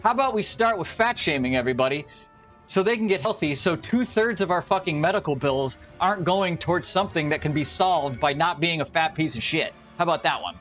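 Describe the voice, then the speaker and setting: A man's voice: on the high side, fairly quick. Profane man ranting over faint music. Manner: profane, ranting, animated storytelling. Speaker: streamer. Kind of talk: casual chat.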